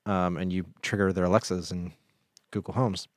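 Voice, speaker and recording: A man's voice: sits low, level tone, moderate pace, dry recording, studio quality. A man co-hosting a casual podcast, riffing playfully and rambling through jokes. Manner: playful, rambling, jokey riffs. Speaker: podcast co-host. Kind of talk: casual banter.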